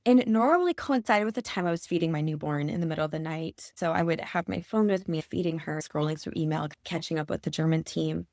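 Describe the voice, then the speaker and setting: A woman in her forties from Michigan, speaking as a podcast guest. Her voice sits low and carries a gravelly fry. She recounts a personal story with earnest feeling, close and dry on the mic. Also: fast talker, few pauses, a little mellow, dry recording. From Michigan, USA.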